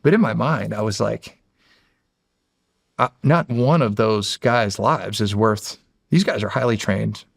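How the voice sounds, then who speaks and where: A man's voice: on the low side, measured pace, vocal fry, pauses often, no echo, clean studio sound. A man from Pennsylvania, a guest on an interview show, telling stories casually with rambling restarts and frequent swearing. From Erie, Pennsylvania. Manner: rambling, profane, restarts phrases, acts out quoted dialogue. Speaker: guest, former Navy SEAL.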